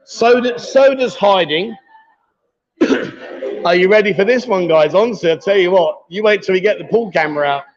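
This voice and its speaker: A man with a fairly high voice hosts a livestream from a bar, speaking at a moderate pace. He chats casually and teases his guests. The audio is dull, lo-fi livestream quality.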